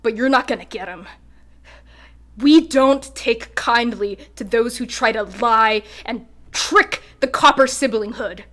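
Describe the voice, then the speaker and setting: A woman's voice: fairly high pitch, a little slow, fairly bright tone. A woman voicing a stern, muscular half-elf woman who leads a guild and speaks curtly and threateningly.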